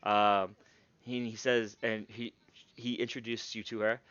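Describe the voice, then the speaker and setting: Casual halting game master. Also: male voice, fairly low pitch, little pitch movement, fairly bright tone, smooth, dry recording, muffled recording. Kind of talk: narrating a tabletop game.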